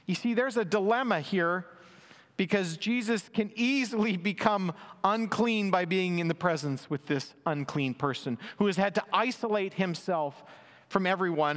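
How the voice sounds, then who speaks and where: Under long hall reverb, a preacher whose voice sits high with a fairly bright tone reads and explains scripture in an earnest, emphatic sermon, lifting his voice on quoted lines.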